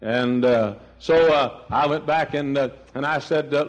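An older man preaching a sermon, telling stories with emphatic swings between loud and hushed delivery. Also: mid-range voice, expressive, moderate pace, muffled recording. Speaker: pastor.

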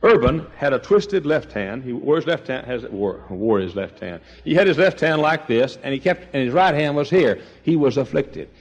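Folksy older preacher man, lively pitch. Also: normal speed, few pauses, breathy edge, highs cut off. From East Texas. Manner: folksy storytelling preacher, swings from quiet asides to loud high exclamations. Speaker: pastor. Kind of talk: sermon.

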